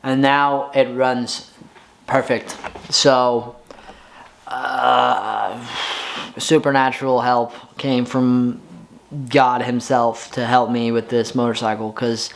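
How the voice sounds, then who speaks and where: A man talking casually in a home garage vlog as a motorcycle mechanic, exasperated and excitable, with a rambling way of talking. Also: medium pitch, takes it slowly, creaky.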